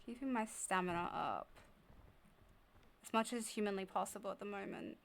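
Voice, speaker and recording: A woman's voice: mid-range voice, lively intonation, moderate pace, vocal fry, slight background noise. A woman streamer chatting to herself while she plays, curious and easily spooked. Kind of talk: live gameplay commentary. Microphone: desk microphone.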